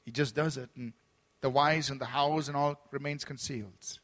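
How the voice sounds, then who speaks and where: A man's voice: mid-range voice, steady tone, normal speed, fairly bright tone. A man preaching a sermon as pastor at a church service, earnest, with restarts and repeated words. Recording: long hall reverb.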